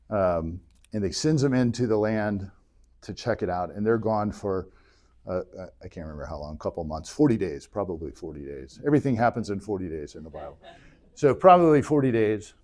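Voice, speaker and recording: A man teaching an adult church class, retelling scripture in a casual, joking way with quick bursts of character voices. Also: on the low side, lively intonation, a little mellow. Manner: jokey retelling, voices biblical figures in bursts. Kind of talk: casual Bible history lecture.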